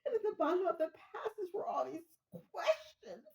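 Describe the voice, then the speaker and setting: A woman's voice: very high voice, big pitch swings, normal speed, gravelly, darkish tone, pitched above the performer's own voice, exaggerated voice, poor audio. A woman voicing a panicking female caller who stammers and wails between sobs and nervous giggles. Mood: hysterical. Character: hysterical panicking woman caller, sobbing and laughing.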